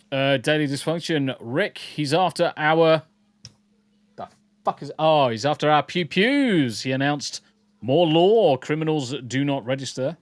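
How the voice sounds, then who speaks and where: Here the live-stream podcast co-host talks a little slowly, his voice on the high side and expressive, with no room sound. The chat is casual, blunt and full of swearing, and he rambles with frequent restarts.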